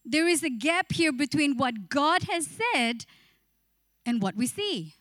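A woman's voice: sits high, expressive, takes it slowly, a bit bright, no echo, studio quality. A woman preacher giving a passionate church sermon, acting out inner voices and speaking to the congregation. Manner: passionate, acts out inner voices, sings briefly.

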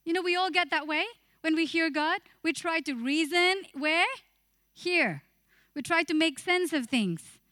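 Female preacher, high voice, dry close sound, animated sermon delivery. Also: measured pace, no echo. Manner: passionate, acts out inner voices, sings briefly. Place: church.

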